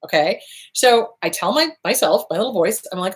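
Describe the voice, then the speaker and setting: A woman therapist hosts a podcast at a normal speed, her voice expressive as she offers casual advice. She swears freely and acts out quoted voices with big jumps in pitch.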